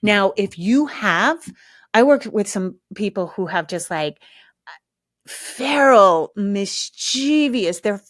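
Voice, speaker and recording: A woman's voice: medium pitch, expressive, takes it slowly, no echo, studio quality. A middle-aged woman hosting a parenting podcast, talking casually and emphatically to listeners and laughing often. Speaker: podcast host, parenting advice. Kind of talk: casual solo podcast talk.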